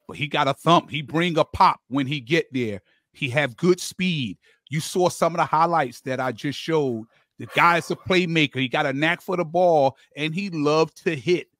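Male podcast host, raised pitch, chatty and enthusiastic about draft picks, light music bed. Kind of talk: casual sports podcast chat.

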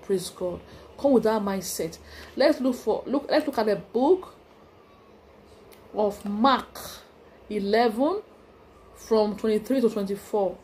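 A woman's voice: mid-range voice, slow, pauses often, darkish tone, slight background noise. A woman with a Nigerian accent, hosting a channel and preaching a devotional message, exhorting listeners with emphatic, repeated phrases.

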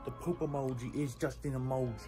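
A man's voice: mid-range voice, steady tone, fast talker, music in the background. A man in an old vlog clip, hamming up a late-night challenge in a playful, slangy way, calling everyone "boy.". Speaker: vlogger in an old video. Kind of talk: goofy scripted vlog challenge.

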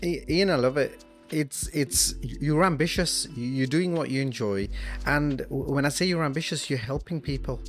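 A man interviewing a guest in a warm, encouraging way. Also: medium pitch, normal speed, faint music behind. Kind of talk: casual interview.

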